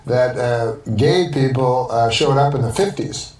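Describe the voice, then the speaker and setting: A man's voice: medium pitch, a little slow, a little mellow. A man telling rambling comic stories in a dry, meandering way on a talk show, in an echoey archival clip. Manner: dry, meandering storytelling that breaks into laughter. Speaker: comedian.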